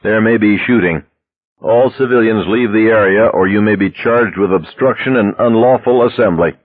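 A man reading a story aloud, voicing police orders over a bullhorn in flat, commanding, chanted announcements. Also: lowish voice, moderate pace, no room sound, natural voice. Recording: dry tinny phone-like sound.

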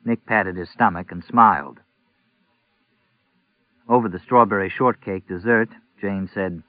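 A man narrating a novel in a measured, even reading. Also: low-pitched, no echo. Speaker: audiobook narrator. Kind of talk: scripted narration. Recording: tinny narrow-band audio, dry.

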